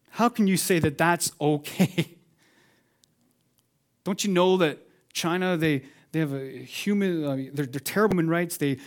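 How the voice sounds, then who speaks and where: A man preaching a sermon as pastor, swinging between loud emphatic lines and hushed ones, calling on the congregation to respond. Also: fairly high pitch.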